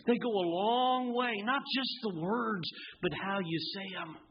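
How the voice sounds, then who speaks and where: High-voiced fervent preacher man. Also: measured pace, dull audio, a little hiss or hum. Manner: fervent, swings from hushed to shouting; asks the congregation rhetorical questions. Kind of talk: sermon. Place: church sanctuary.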